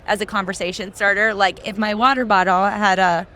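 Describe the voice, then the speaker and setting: A woman with a bright, crisp voice co-hosts a live podcast at a conference. She chats loosely and fills her sentences with likes and ums. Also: medium pitch, level tone, brisk. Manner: chatty, lots of likes and ums. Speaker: podcast co-host. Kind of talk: casual live chat. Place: conference hall floor.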